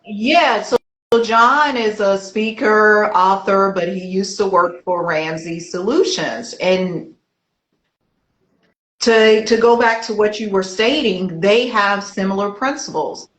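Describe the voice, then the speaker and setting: A woman's voice: mid-range voice, slow pace, fairly bright tone. Woman host in an echoey room. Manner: conversational, asks long questions. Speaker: podcast host. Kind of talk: casual interview talk.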